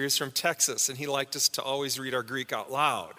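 A man's voice: mid-range voice, fairly quick, few pauses, pushed and bright, big-room sound. A man preaching a sermon in a church, teaching a Bible word study in a conversational way and asking the congregation questions. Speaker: pastor. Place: church sanctuary.

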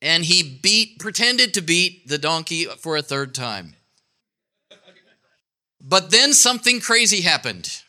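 A man narrating a Bible story live and directing volunteers as he goes. His delivery is playful and full of ad-libs, with a bright tone. His pitch swings widely throughout. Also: big pitch swings, slow pace. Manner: playful, ad-libbing, self-correcting.

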